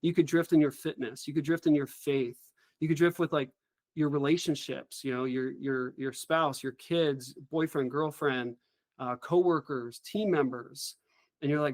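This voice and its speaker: A middle-aged man, a former helicopter pilot, telling a story as an interview guest in an earnest, animated way. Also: fairly high pitch, normal speed, no room sound.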